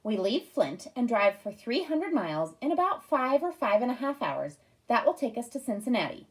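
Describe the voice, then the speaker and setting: A woman voicing a mother who reads out a trip plan in a brisk, orderly way for an audiobook. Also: on the high side, sing-song. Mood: planning. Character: organized mother reading out her plans.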